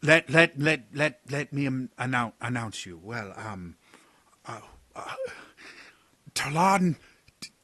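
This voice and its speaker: A man's voice: medium pitch, expressive, slow pace, long pauses, pushed and bright, dry recording, voice pushed up, heavily acted. A man voicing a stuffy male advisor who gets flustered, stammers and speaks formally.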